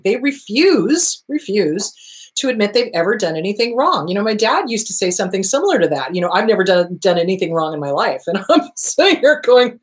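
A woman therapist hosting her own show, answering viewer questions in a casual monologue, stressing points by repeating them. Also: fairly high pitch. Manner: emphatic, repeats key phrases for stress.

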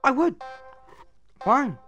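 Male streamer, sarcastic trash talk, high animated voice, game music behind. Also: extremely slow, lo-fi sound. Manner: mocking, trash-talking, sarcastic. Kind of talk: live game stream banter.

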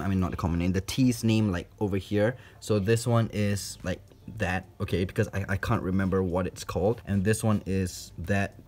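Exasperated young man vlogging into a phone. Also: fairly low pitch. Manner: exasperated, swinging from loud outbursts to hushed whispers. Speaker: tarantula keeper unboxing a delivery. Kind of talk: unscripted phone-filmed vlog. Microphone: handheld phone.

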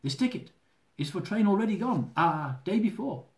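A man voicing a calm female station security supervisor who speaks in short, halting, broken English. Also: high-pitched, far from the mic, voice pushed up. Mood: firm, calm. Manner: clipped, matter-of-fact, halting grammar. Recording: roomy echo.

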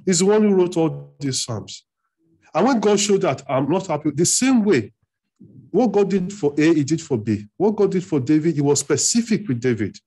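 A man delivers a sermon in a husky, slightly breathy voice that sits a little high for a man. He preaches with emphasis, repeating phrases and pushing his pitch upward when he stresses a point. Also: big pitch swings, normal speed, warm tone. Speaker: pastor. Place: church hall.

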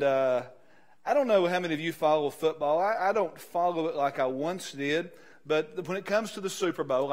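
A man, a pastor giving a sermon, building from quiet announcements to loud, slow, emphatic preaching. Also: on the high side.

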